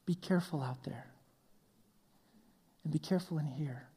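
A man preaching a sermon as a pastor. He tells stories with animation and swings between loud passages and hushed ones. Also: a little high, normal speed, husky. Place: church hall. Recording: long hall reverb.

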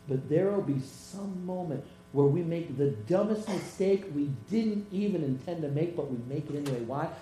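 Mellow-voiced male pastor, echoey room. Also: mid-range voice. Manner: halting, repeats words, retells conversations. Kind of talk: sermon with personal stories. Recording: echoey room with mains hum.

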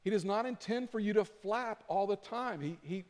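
Animated preacher in a reverberant church. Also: male voice, sits high, normal speed. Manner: animated, acts out flapping with rising volume. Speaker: pastor. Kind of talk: sermon. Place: church sanctuary. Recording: long reverb of a church hall.

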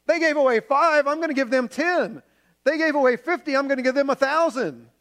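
A man's voice: very high-pitched, fairly quick, fairly bright tone. A man preaching a sermon as a pastor, earnest and conversational, using homely examples.

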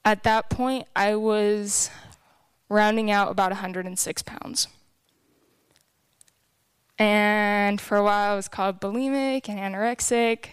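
A woman's voice: mid-range voice, fairly even intonation, unhurried, pauses often, smooth, dry recording. A young woman giving a candid, emotional personal testimony to a church group.

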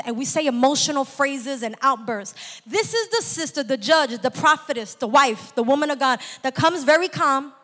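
A woman preaches a sermon with a high voice that carries through a large hall, and the room answers her with a long reverb. She calls out for amens and climbs into loud, shouted exhortation. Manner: call-and-response, rising to shouts.

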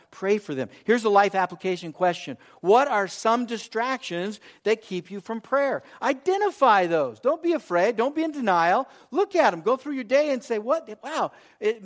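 A man in his fifties delivers a sermon in a notably high voice. He tells personal stories with animated repetition and acts out the lines of others. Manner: animated storyteller, repeats phrases, acts out quotes. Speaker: pastor.

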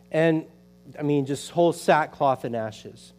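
Man, pastor type, conversational sermon, slightly high voice, lots of "you know.". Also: unhurried. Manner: storytelling, animated with conversational fillers.

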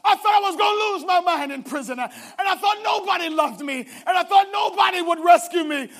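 Preacher guy doing a grown man wailing his heart out, high and loud, dragged out slow. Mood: anguished. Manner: shouted, drawn-out crying lines.

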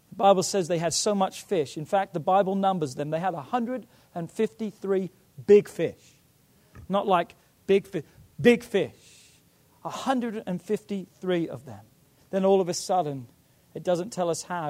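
A pastor preaching a sermon, retelling a story with dramatic swings between loud calls and hushed lines. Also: male voice, a little high, normal speed.

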